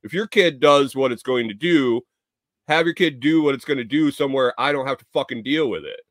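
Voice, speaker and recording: A man's voice: medium pitch, fairly quick, a bit bright, no echo, clean studio sound. A man telling a rambling, profane story in a casual vlog, sounding exasperated. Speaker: vlogger.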